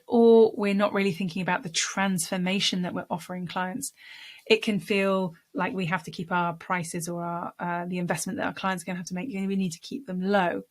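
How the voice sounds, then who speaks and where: A woman, a speaking coach, talking conversationally to camera and demonstrating voice techniques. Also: lowish voice. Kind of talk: direct-to-camera teaching.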